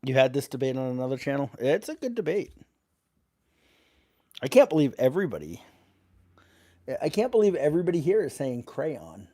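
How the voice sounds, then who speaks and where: A man's voice: medium pitch, big pitch swings, normal speed, long pauses, warm tone, dry recording, studio quality. A man hosting a casual live stream, reading letters aloud and greeting chat viewers.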